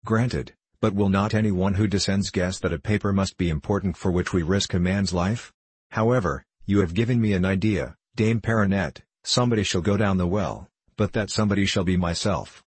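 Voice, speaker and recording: An anxious old nobleman frets over a mishap, voiced by a man reading a novel aloud. His speech is agitated and pleading in a deep, husky voice. The sound is dry and close to the mic. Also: fairly quick, darkish tone, dry recording. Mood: fretful. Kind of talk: audiobook reading.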